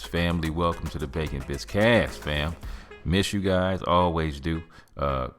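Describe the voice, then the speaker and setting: A man hosting a podcast, giving an earnest faith-based motivational talk in casual speech, slowing down to stress key phrases. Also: rumbling low, music in the background. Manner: earnest, preachy, colloquial with "man" and "fam". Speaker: podcast host.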